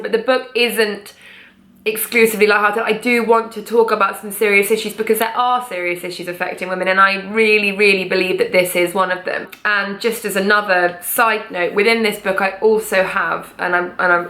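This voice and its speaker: A chatty, passionate woman speaking to camera in an informal, swear-laced way. Her voice is bright and a little sharp. The room around her is echoey. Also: medium pitch. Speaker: vlogger and author. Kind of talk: casual talk to camera.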